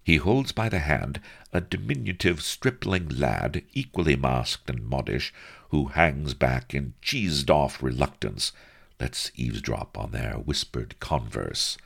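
A man's voice: a bass voice, expressive, measured pace, vocal fry, fairly bright tone, slightly rough. A man narrating a comic adventure story with a wry, mock-grandiose delivery. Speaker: audiobook narrator.

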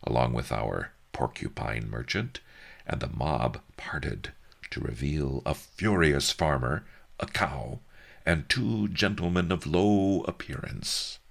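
A man's voice: extremely low pitch, expressive, takes it slowly, gravelly. A man narrating an audiobook in a wry, dry storytelling manner.

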